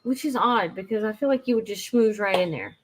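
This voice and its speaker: A woman's voice: mid-range voice, brisk, a little hiss or hum. A woman from Alabama with a Southern accent, chatting casually, outspoken and laughing often. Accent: Southern American. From Alabama, USA. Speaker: co-host and shop co-owner. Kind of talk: casual chat.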